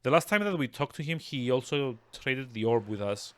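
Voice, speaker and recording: A man streaming a game live, chatting excitably with frequent laughs and self-interruptions. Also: medium pitch, normal speed. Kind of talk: live let's-play commentary. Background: game music.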